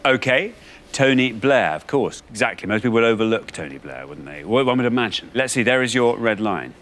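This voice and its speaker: A man's voice: medium pitch, expressive, fairly quick, a bit bright, slight background noise. Genial male quiz show host. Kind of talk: TV quiz hosting. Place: TV studio.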